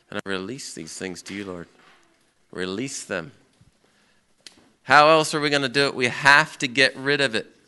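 Preaching with a smooth voice that runs a little high, this middle-aged man brings his sermon to life. He animatedly performs the prayers and outbursts of the people he describes.

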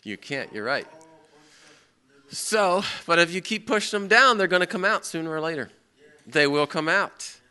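Animated preacher with a bright voice. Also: male voice, a little high, moderate pace, long pauses, smooth. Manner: animated, acts out quoted people and prayers. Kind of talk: sermon.

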